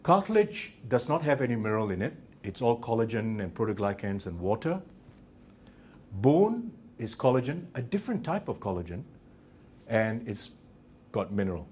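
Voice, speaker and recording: A man with a New Zealand accent giving a university lecture, halting with many restarts and fillers and dropping in joking asides. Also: fairly low pitch, big pitch swings, a little mellow, a little hiss or hum. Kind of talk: academic lecture. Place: lecture theatre.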